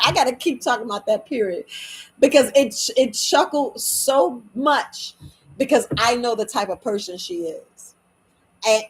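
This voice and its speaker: A woman hosting a casual motivational talk. She rambles in an animated way and acts out little quoted voices as she goes. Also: fairly high pitch, slightly rough, low-quality recording. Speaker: motivational podcast host.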